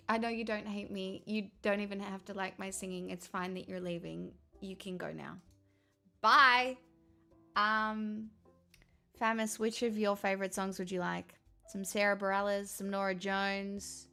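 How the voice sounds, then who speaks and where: A woman's voice: mid-range voice, steady tone, measured pace, creaky, pushed and bright, soft background music. A woman livestreamer in casual chat, reading viewers' comments aloud and answering them in a playful, teasing way.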